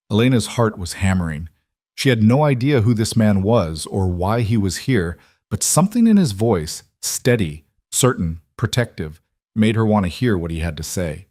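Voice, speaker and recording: Low-voiced man narrating a romance story. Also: animated, moderate pace, darkish tone, no echo, studio quality.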